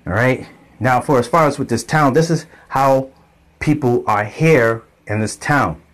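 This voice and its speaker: A man's voice: mid-range voice, unhurried. Rambling man telling a story. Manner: rambling, repetitive, conversational. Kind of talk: casual storytelling monologue.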